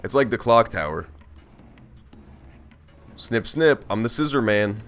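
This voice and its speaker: Lively, joking man streaming a game. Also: on the low side, brisk, faint music behind. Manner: joking, profane, reacting aloud to the game. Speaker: let's play streamer. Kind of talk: casual gameplay commentary.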